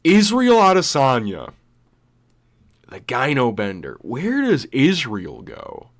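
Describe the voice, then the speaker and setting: A man's voice: medium pitch, huge pitch swings, slow pace. A young man in casual commentary with a mid-range voice. He rambles, swears freely and laughs as he goes. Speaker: vlogger.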